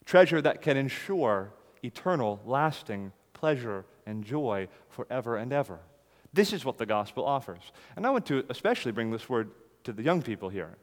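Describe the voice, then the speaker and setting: A man preaching a sermon to a congregation, emphatic, rising louder on key phrases and dropping low after them. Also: sing-song, moderate pace, long reverb tail.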